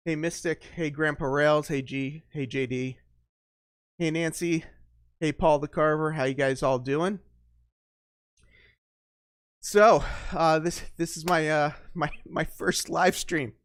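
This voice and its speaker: A man hosting his first live stream, chatting off the cuff, greeting viewers one by one and often pausing on fillers. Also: on the high side, fairly even intonation, no echo, clean studio sound. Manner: unscripted, greets viewers by name, halting with fillers. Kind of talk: casual live stream chat.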